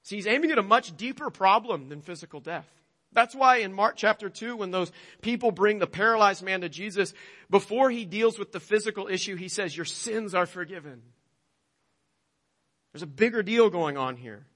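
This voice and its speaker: High bright-voiced preaching man. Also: lively intonation, fairly quick, big-room sound. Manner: emphatic preaching with rhetorical questions. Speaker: pastor. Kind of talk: sermon.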